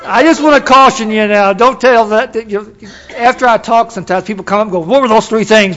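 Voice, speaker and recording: An older man telling his personal story to an audience at a recovery meeting, self-deprecating and folksy, with halting restarts. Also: high voice, fairly bright tone, muffled recording. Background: audience laughter.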